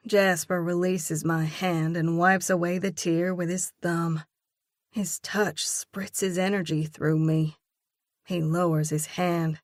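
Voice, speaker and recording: Slow, measured woman narrator. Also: fairly low pitch, flat delivery, dry recording, studio quality. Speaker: audiobook narrator. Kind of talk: first-person audiobook narration.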